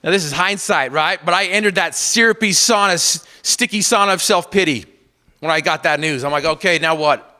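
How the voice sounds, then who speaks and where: A man giving a motivational speech to an audience, telling a personal story with repeated refrains and swinging from loud emphatic bursts to hushed lines. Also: on the high side, fairly quick. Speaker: motivational speaker.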